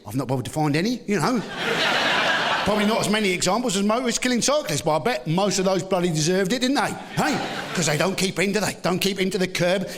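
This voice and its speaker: A British man performing a live stand-up routine, sarcastic and punchy, firing off rhetorical tag questions and shouted bursts. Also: sits high, a little hiss or hum. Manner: shouty bursts mocking a bigoted motorist. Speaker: stand-up comedian. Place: live comedy venue.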